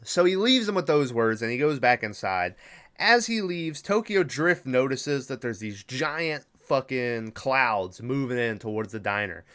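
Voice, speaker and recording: A man's voice: medium pitch, big pitch swings, measured pace, fairly bright tone. A man hosting a podcast, recapping a movie in a casual, rambling, profane way with lots of filler words. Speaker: podcast host.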